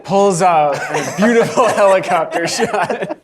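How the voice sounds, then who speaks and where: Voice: mid-range voice, lively intonation, measured pace, a crowd in the background. A player in a comedy tabletop role-play who makes laid-back wisecracks.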